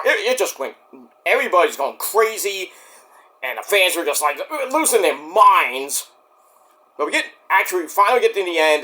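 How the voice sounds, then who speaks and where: A man giving a casual solo wrestling review, excitable and swearing freely. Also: fairly high pitch.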